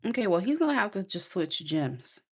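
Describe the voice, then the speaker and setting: A woman's voice: medium pitch, sing-song, a little fast, husky. A woman giving a casual live tarot reading, sassy and teasing, scolding her viewers and laughing often. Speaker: tarot reader.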